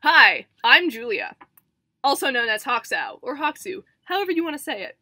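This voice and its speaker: A woman's voice: high-pitched, sing-song, brisk, bright, forceful tone, dry recording, clean studio sound. A young woman co-hosting a podcast in casual, rambling chat with many fillers and giggles. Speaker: podcast co-host.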